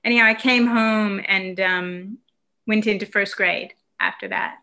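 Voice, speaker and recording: A woman from the United States tells a personal story in easy conversation. Her voice is bright and forward, and she circles back with restarts and "um"s as she remembers. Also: mid-range voice, steady tone, measured pace. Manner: warm, reflective storytelling with fillers and restarts. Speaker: guest telling a childhood story. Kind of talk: casual conversation.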